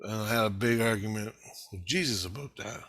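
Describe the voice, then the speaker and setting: A man's voice: fairly low pitch, a little fast, no echo. A man telling a rambling story in a casual vlog, swearing constantly and getting worked up. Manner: profane, excitable, rambling. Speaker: vlogger recounting a vision.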